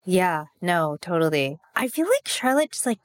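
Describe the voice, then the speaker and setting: A woman's voice: fairly low pitch, big pitch swings, no room sound. Curious woman co-host, dry sound. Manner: curious, asks quick questions. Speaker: podcast co-host. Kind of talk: casual gossip chat.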